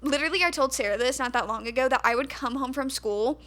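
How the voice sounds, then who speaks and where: High bright woman with a country twang. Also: fast talker. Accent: American country twang. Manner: chatty storyteller, talks a lot, drawls some words. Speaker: podcast co-host. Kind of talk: casual chat.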